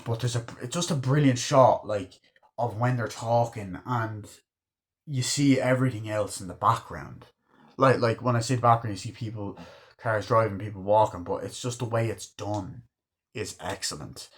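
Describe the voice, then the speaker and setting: A man's voice: fairly low pitch, normal speed. A man giving a casual, rambling film review, swearing freely as he retells scenes. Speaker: movie reviewer.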